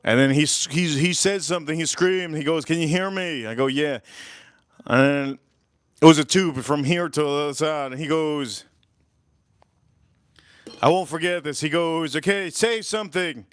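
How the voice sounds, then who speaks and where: A man's voice: on the high side, moderate pace, pauses often, clean tone, dry recording. A man hosting a casual live cooking and whiskey stream, rambling, repeating lines and laughing at his own stories. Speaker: livestream host. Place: home kitchen or backyard, filming point of view.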